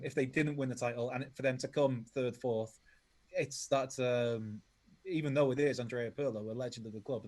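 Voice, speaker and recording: A man's voice: medium pitch, a little mellow. Teasing man on a football chat. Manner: teasing, dry humour. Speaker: co-host of a live football watch-along. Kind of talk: casual sports chat.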